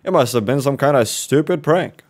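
A man casually commenting while playing a horror game, joking, reacting fast and swearing now and then. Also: medium pitch, expressive. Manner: jokey, swears, quick reactions. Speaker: let's play host.

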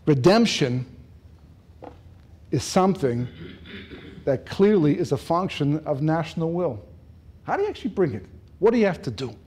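Male rabbi lecturer, higher voice, lively and animated, jokes and laughs through the talk. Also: normal speed, long pauses, breathy edge. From lives in Israel. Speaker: rabbi giving a Torah talk. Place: lecture room.

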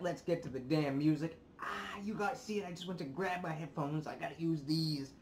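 A young man hosts his own reaction vlog, venting straight to the camera from home, swearing freely. His voice sits a little high for a man and stays animated. A faint hum of room noise runs underneath. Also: moderate pace, hardly any pauses. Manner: swears often, animated and worked up. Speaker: reaction video host. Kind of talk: casual vlog rant.

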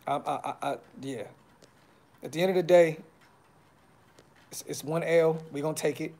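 A man's voice: fairly high pitch, steady tone, moderate pace, darkish tone. A man hosting a fan podcast, talking casually on a live stream with frustration, blunt slang and lots of repeats. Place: brother's house.

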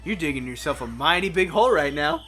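Teasing, animated young guy gaming. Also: on the high side, husky, soft background music. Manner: teasing, swearing, quick to joke. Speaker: gaming channel co-host. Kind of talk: casual let's-play banter.

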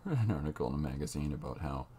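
A man talking through a drawing tutorial as he works, unhurried and halting, thinking aloud. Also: very deep voice, lively intonation, mellow, a little hiss or hum. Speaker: comic artist drawing on camera.

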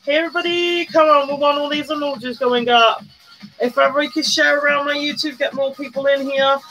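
A woman's voice: sits high, steady tone, a little fast, fairly bright tone, highs cut off. A woman hosting a chatty live stream while doing her makeup, greeting viewers by name, squealing and humming along. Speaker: livestream host. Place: indoors at home, live streaming. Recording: faint music behind.

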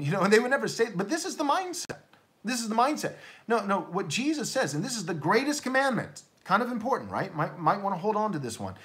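A man's voice: high-pitched, big pitch swings, fairly bright tone. Pastor guy preaching hard, blunt, voice jumps up and down a lot, stumbles and repeats himself. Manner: emphatic, blunt, with quick repeated restarts. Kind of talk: sermon.

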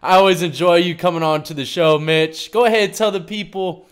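Slangy male host, a bit high. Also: brisk, clear, resonant tone. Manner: casual, slangy, calls the guest "man". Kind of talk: casual interview.

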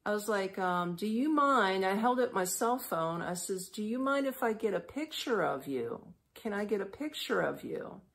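A woman from the United States, hosting a podcast and telling a travel story in a chatty, animated way with lots of fillers and acted-out dialogue. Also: mid-range voice, normal speed, hardly any pauses. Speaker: podcast host. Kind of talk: casual storytelling.

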